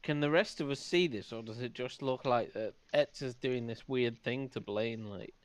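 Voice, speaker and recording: A man playing a tabletop game over a call, teasing the others with quick interjections. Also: mid-range voice, no echo. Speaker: player. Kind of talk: casual chat.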